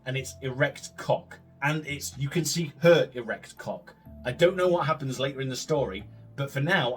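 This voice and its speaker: Gaming host, man, sarcastic and sweary, very animated. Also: medium pitch. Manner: sweary, incredulous ranting with sarcastic asides. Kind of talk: casual let's-play commentary and reading aloud.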